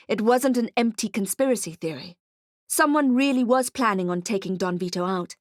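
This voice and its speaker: A woman's voice: on the high side, animated, moderate pace, no echo, clean studio sound. A woman narrating a first-person urban fantasy audiobook in a wry, hardboiled detective manner.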